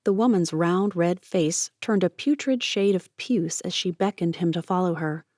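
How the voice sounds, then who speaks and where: A woman narrates a novel in a steady, expressive way, with a voice on the lower side. The sound is close and dry, with no room around it. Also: moderate pace, no echo. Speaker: audiobook narrator. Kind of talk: audiobook narration.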